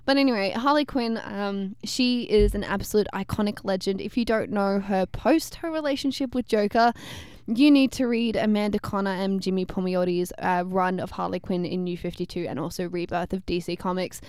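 A woman chats eagerly about comics, full of fillers and quick asides. Her voice is smooth and clear. It is recorded close and dry. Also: mid-range voice, a little mellow, no echo. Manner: enthusiastic, chatty, many fillers. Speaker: podcast co-host. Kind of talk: casual pop-culture chat.

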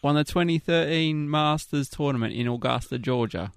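A man's voice: fairly high pitch, normal speed, smooth, no echo. A man hosting a casual quiz segment on a podcast, joking and laughing often. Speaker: quiz host. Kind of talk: casual chat.

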